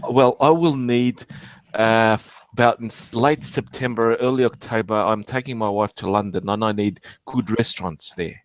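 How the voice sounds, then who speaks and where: Fifties male host, excitable, stammers and restarts, mid pitch, dry close mic. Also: normal speed, no room sound. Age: 50s. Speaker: streamer. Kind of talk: casual chat.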